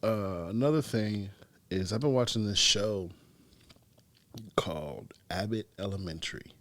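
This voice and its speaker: A man's voice: on the low side, a little slow, a bit bright, no echo. Loose, profane young man podcasting. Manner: loose, profane, rambling storytelling. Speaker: podcast host. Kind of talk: casual solo podcast chat.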